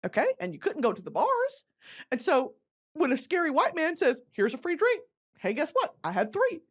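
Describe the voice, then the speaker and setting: A young woman hosts a podcast, telling comic stories full of swearing and laughter and imitating other people's voices. Her voice is high with huge swings in pitch, and she speaks at a moderate pace.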